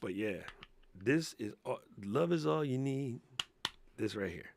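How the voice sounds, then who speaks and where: A man hosting a casual live Q&A, talking in a slangy, excitable way and laughing often. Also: mid-range voice, measured pace, vocal fry. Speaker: livestream host.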